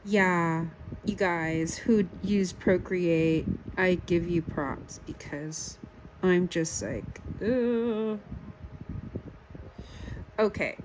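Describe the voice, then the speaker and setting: A woman vlogging while she draws, talking in a casual, self-deprecating way, full of halting restarts and fillers. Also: on the low side, low-quality recording. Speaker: art vlogger. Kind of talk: casual rambling commentary while drawing. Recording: audible background noise.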